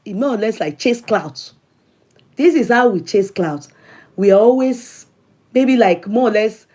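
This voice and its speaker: A woman's voice: medium pitch, warm tone. A middle-aged woman with a Nigerian accent hosting a casual livestream, greeting viewers by name and slipping into Yoruba phrases. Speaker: livestream host. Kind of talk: casual live chat with viewers.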